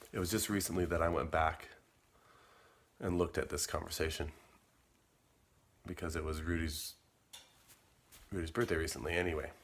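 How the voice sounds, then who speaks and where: A man's voice: deep voice, slight background noise. A middle-aged man telling his own story casually in a rambling way, repeating words and quoting his old messages. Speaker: vlogger.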